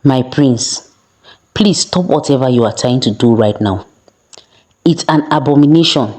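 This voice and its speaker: A woman's voice: extremely low pitch, measured pace, a little mellow. Woman doing a young widow, maid, pregnant, pleading, firm. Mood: indignant.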